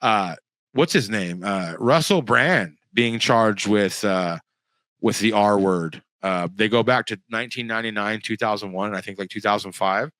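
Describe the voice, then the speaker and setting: A man from the United States hosts his own show in loose, rambling commentary, blunt and crude, restarting his sentences often. His voice sits low, and it is recorded dry with no room sound. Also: moderate pace, a bit bright, no room sound. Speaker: podcast host. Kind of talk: casual solo commentary.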